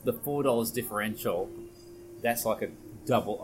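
Man, easy low-voiced pub chat. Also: normal speed, background noise. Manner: jokey, rambling, swears casually. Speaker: podcast co-host. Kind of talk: casual chat. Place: restaurant bar.

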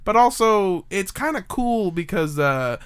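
A man's voice: high voice, animated, measured pace, fairly bright tone, clear, resonant tone. A young man hosting a casual podcast, telling a story in a rambling, jokey way with lots of fillers.

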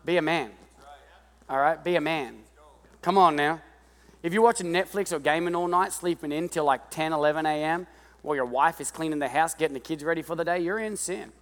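A pastor in his thirties preaching a lively sermon, breaking into shouted impressions of kids and parents. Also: a little high, brisk. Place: church hall. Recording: long reverb of a large church hall.

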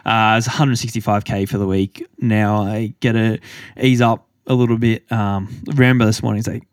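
A man's voice: fairly low pitch, steady tone, moderate pace, no echo, studio quality. A man chatting casually as a podcast co-host, rambling with lots of fillers. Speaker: podcast co-host, elite runner. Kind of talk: casual chat.

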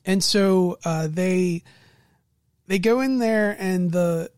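A woman game master casually recounting a tabletop game session, animated and laughing often. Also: lowish voice, slow pace, no echo, clean studio sound.

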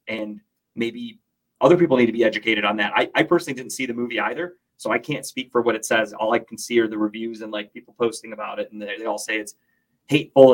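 A man's voice: mid-range voice, rough recording. A man hosting a casual sports talk podcast, opinionated and swearing freely.

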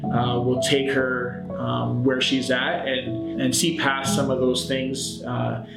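A man, a shelter program manager, speaking in a measured, hesitant way in a documentary interview. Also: medium pitch, completely flat delivery, creaky. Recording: roomy with guitar music over it.

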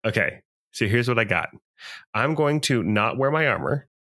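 A man's voice: medium pitch, very animated, normal speed, sharp tone. A man playing in a tabletop game, hesitant, thinking aloud as he plans. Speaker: player. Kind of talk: casual tabletop play.

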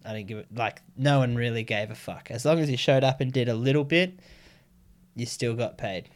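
A young man with an Australian accent spins crude, laid-back stories, swearing freely. His voice sits at an ordinary middle pitch. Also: fairly quick. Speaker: stand-up comedian, podcast guest. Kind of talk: casual chat.

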